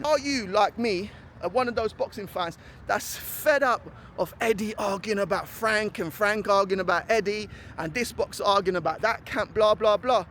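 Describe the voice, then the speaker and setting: Chatty East London man, higher voice. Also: slight background noise. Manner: chatty, animated, slangy and opinionated. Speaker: vlogger. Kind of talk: casual vlog talk to camera. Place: outdoors by a stadium in a city.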